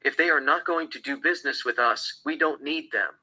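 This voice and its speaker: A blunt female official talks politics, voiced by a man reading a script. The voice is bright and husky with a flat delivery. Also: a little high, brisk, full character voice, poor audio.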